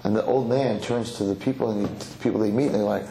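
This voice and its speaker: A rabbi giving a sermon, telling a parable in an animated storytelling manner with some Yiddish words, in an echoey lecture hall. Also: male voice, fairly low pitch, fast talker, vocal fry, slight background noise. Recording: echoey hall, faint ambience.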